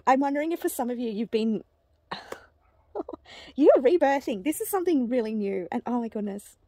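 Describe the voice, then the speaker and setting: A woman giving an oracle card reading to camera, gushing and excitable, with frequent halting restarts and delighted exclamations. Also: a little high, no echo. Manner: halting restarts and repeated words. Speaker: psychic card reader.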